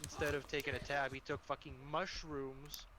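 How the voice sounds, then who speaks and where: A man's voice: fairly high pitch, flat delivery, moderate pace, noisy background. A man streaming a video game, chatting casually and profanely, often restarting his sentences. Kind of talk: casual gaming stream chat.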